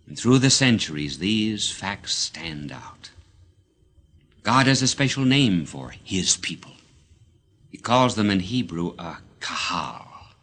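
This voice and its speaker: A man delivering a sermon, who swells to loud emphasis and then drops to a whisper. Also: fairly low pitch. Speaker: preacher.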